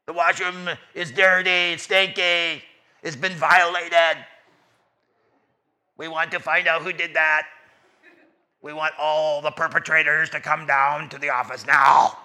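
A man voicing a stern school official making a loud, slow, mock-menacing intercom announcement. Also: on the high side, steady tone.

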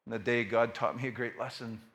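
A middle-aged man preaches in a mid-range voice, going a little fast as he spins a story. His style is casual and packed with fillers, and he brings his family to life by animatedly doing their voices.

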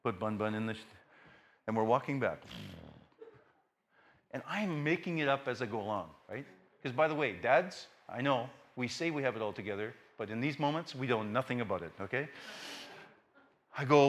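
A man's voice: medium pitch, normal speed, long pauses. A middle-aged man preaching a storytelling sermon in a casual way with many fillers, acting out the voices of his family. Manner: animated, acts out family voices.

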